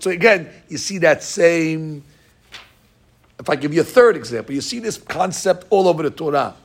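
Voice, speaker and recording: A man teaching a Torah lesson, acting out the dialogue he quotes with lively swings in his voice. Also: moderate pace, creaky. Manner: animated, acts out quoted dialogue with rising pitch.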